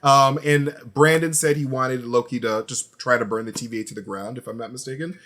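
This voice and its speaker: A man hosting a casual panel chat, animated and playful, often jumping into high bursts. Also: a little fast. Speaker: show host.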